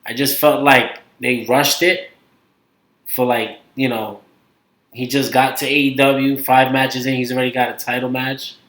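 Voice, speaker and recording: A man's voice: mid-range voice, level tone, unhurried, a bit bright. A man with a Brooklyn accent co-hosting a casual podcast, rambling and hesitant, trailing off often. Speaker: podcast co-host. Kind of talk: casual chat. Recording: echoey room.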